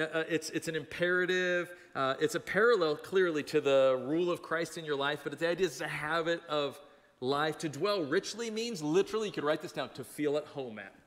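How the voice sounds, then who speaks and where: Man, pastor, conversational sermon, animated storytelling, fairly high voice, long hall reverb. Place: church sanctuary.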